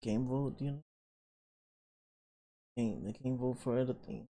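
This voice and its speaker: A man hosting a reaction video, commenting in a low-key way and trailing off. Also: steady tone, measured pace, mellow. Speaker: reaction channel host.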